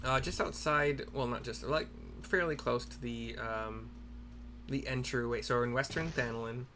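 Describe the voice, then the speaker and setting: A man's voice: medium pitch, steady tone, moderate pace, pushed and bright, a little hiss or hum. A man casually narrating a game for listeners, rambling and correcting himself with chatty asides. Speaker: game narrator and audio describer.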